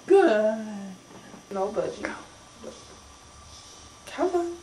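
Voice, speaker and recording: Woman, very high and lively, sing-song pet talk, slow; echoey noisy home recording. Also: recorded from a distance. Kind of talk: coaxing a pet bird. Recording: echoey room with background noise.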